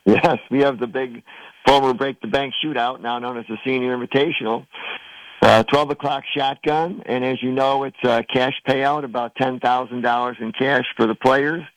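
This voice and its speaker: A man's voice: mid-range voice, fairly even intonation, normal speed, dry recording, low-quality recording. An older man, a golf tournament organizer, chatting upbeat on a radio show. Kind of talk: casual radio interview.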